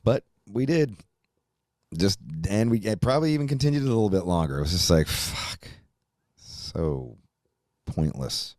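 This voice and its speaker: A middle-aged man hosting a podcast, rambling through a profane, animated monologue. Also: fairly low pitch, quick pace, dry recording, studio quality. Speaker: podcast host. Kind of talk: casual chat.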